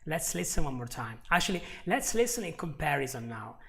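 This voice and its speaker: A man teaching a live online English lesson, chatty and laughing often, repeating example phrases slowly. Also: a little high, sing-song, gravelly.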